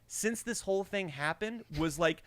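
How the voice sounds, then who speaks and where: Young guy podcast host, high tense voice, animated storyteller, dry close mic. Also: moderate pace, smooth, dry recording. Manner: animated, acts out the people in his story, swears freely. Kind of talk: casual storytelling chat.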